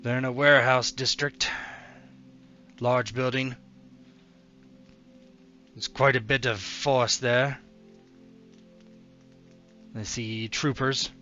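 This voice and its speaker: A man's voice: medium pitch, fairly even intonation, takes it slowly, long pauses, bright, forceful tone, muffled recording, soft background music. A man running a tabletop role-playing game, narrating loosely with many fillers. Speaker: game master.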